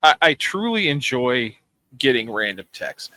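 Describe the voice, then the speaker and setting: A man co-hosting a podcast, talking in a wry, casual way with frequent swearing and lively retelling of stories. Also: medium pitch, a little slow, dry recording, rough recording. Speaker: podcast co-host. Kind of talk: casual chat.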